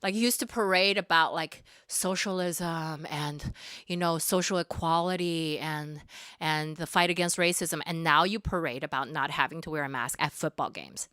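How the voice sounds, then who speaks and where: A woman's voice: low voice, normal speed, sharp tone, dry recording, studio quality. Playful rambling woman on a livestream. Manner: playful, rambling, with frequent laughs and dramatic asides. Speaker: singer on a live-streamed show. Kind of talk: casual chat to a live stream.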